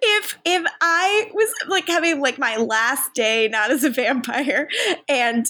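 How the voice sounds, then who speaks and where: A woman co-hosting a podcast in casual chat, gushing and swearing as she quotes characters in quick bursts. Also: high voice, sharp tone. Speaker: podcast co-host.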